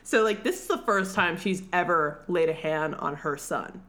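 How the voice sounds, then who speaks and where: A woman's voice: fairly low pitch, normal speed. Podcast lady breaking down a movie, swears a lot, laughs through it. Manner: animated, profane, laughing retelling. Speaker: podcast co-host. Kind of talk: casual film recap chat.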